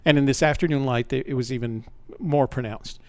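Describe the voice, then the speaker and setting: A man's voice: mid-range voice, a little fast, a little mellow, no room sound. Older man telling a rambling story. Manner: rambling, self-correcting, conversational. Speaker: podcast host. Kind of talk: personal storytelling.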